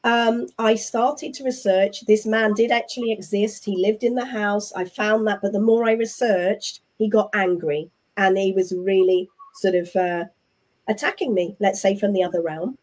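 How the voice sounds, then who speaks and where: Chatty English woman, mellow voice. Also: medium pitch, normal speed. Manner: animated, chatty storyteller who acts out what others said. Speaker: interview guest. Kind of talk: casual conversational storytelling.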